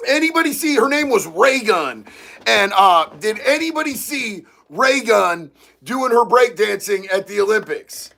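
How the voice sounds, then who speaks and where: High-voiced, gravelly excitable man. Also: measured pace. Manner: excitable, profane, bursts into shouting. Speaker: livestream host reading chat. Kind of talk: casual livestream chat.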